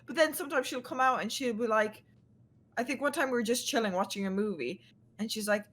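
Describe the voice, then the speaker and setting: Young Irish woman, lively, profane, casual chat, slightly high. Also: quick pace, a little hiss or hum. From Ireland. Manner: animated, profane storytelling.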